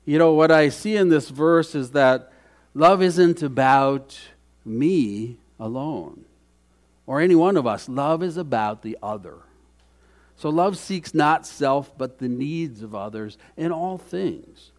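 A man's voice: fairly high pitch, lively intonation, takes it slowly. A middle-aged man preaching a conversational sermon as pastor, folksy and chatty, with frequent restarts.

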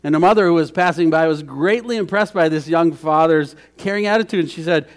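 A man's voice: a little high, quick pace, few pauses. A middle-aged man preaching a conversational sermon as pastor, folksy and chatty, with frequent restarts.

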